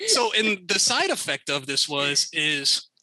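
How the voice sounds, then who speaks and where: An American man in middle age, a podcast guest telling funny stories in a casual, animated way with bursts of laughter. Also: on the high side, unhurried, rough recording. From United States. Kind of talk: casual storytelling.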